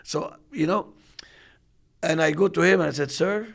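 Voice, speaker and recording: Gravelly animated male storyteller. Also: fairly high pitch, moderate pace. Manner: animated storyteller acting out quotes. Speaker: podcast co-host. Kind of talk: casual storytelling.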